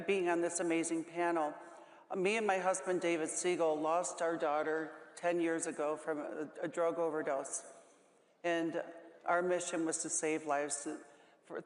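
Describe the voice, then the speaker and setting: Woman panel guest, close to tears, halting delivery, recorded in an echoey conference hall. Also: deep voice. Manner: halting, with many restarts. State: holding back tears. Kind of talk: emotional panel talk. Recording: echoey hall with long reverb.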